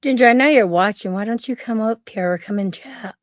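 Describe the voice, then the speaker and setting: A woman co-hosting a livestream, speaking with a high voice that is passionate and quick to flare, then apologetic. Her voice is close and dry, with no room around it. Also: no echo. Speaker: livestream co-host. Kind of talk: emotional casual livestream chat.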